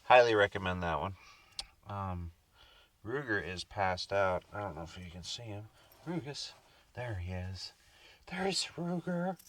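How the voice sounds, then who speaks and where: A man's voice: low-pitched, a little slow, a bit bright, recorded from a distance. A man casually chatting in a camping vlog from his truck camper at night, rambling and laid-back, now and then talking baby-talk to his dog. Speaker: camping vlogger.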